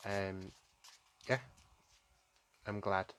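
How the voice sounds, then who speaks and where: Slow, low-voiced man, affectionate. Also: steady tone, a little hiss or hum. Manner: affectionate, calls viewers "my darling"; gently emotional, soft-spoken. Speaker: psychic medium. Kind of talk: live-streamed tarot reading.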